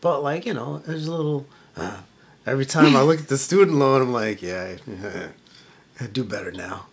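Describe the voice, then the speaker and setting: A man's voice: medium pitch, normal speed, husky. A man chatting as a podcast guest, rambling loosely and packing his talk with filler words. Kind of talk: casual chat.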